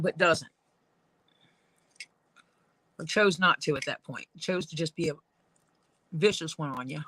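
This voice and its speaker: A woman's voice: sits low, a little slow, long pauses, fairly bright tone, slight background noise, poor audio. A woman leatherworker rambling through casual stories while she works at her craft. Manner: rambling, storytelling.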